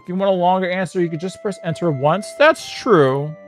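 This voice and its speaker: Slightly high-voiced male streamer muttering. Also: steady tone, quick pace, darkish tone. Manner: mumbling asides, laughs at himself. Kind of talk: casual livestream chat. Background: faint background music.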